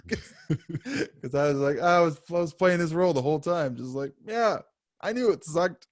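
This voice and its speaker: Podcast guy telling stories, lively up and down voice, dry close mic. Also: unhurried, dry recording. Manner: animated storyteller, acts out quotes with big pitch jumps. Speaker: podcast co-host. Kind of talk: casual podcast chat.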